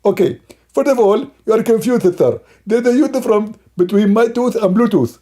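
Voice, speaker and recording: A man's voice: high-pitched, lively intonation, fairly quick, mellow, pitched above the performer's own voice. A man voicing a pompous male preacher who answers callers' questions in a grandly solemn, mock-learned way.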